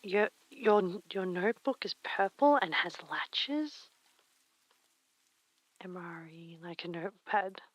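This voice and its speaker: A woman streamer chatting casually while she sews, reading chat aloud and muttering soft whispers to herself. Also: fairly low pitch, animated, slow pace, dry recording, rough recording. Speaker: live streamer.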